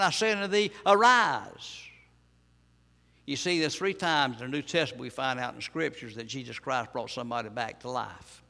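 A male pastor delivers a sermon with a gravelly, mid-pitched voice. He drives his points home through repetition and rhetorical questions. The sound rings out with a long echo in a church hall. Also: fairly bright tone.

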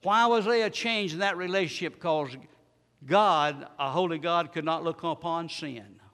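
A man preaches a sermon, pushing certain words out loud and letting others drop almost to a hush. His voice sits a little higher than most men's, and a long reverb trails after each phrase. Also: normal speed. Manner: dramatic swings between loud and soft, repeated rhetorical questions.

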